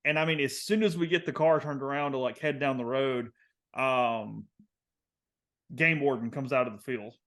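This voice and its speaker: A young man with a Southern American accent, casually telling a long story on a podcast, rambling with lots of fillers and getting animated. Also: medium pitch, normal speed. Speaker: podcast co-host.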